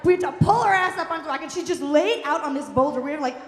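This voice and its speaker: Wry storyteller woman in an echoey hall. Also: sits high. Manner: fast, wry, profane, self-mocking. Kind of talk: live comic storytelling. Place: live venue hall. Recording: echoey hall, faint room noise.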